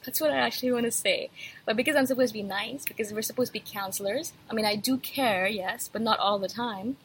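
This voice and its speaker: A woman's voice: on the high side, fast talker, a bit bright, a little hiss or hum, low-quality recording. A woman podcast host in a casual, blunt rant, speaking candidly and laughing easily, a little feverish. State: slightly feverish.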